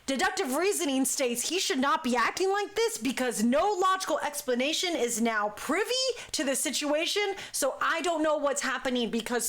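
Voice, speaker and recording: A woman hosting a talk show, telling a story in a lively, casual way and acting out what people said. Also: sits high, moderate pace. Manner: lively, acts out quoted speech. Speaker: talk show host, dance crew member.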